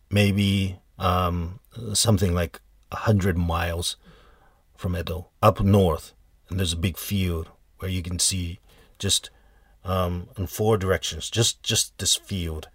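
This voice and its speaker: Slow, deep-voiced man telling a folk tale. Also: steady tone, husky, no echo, studio quality. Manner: unhurried, halting retelling with fillers and restarts. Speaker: storyteller. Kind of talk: casual folk tale storytelling.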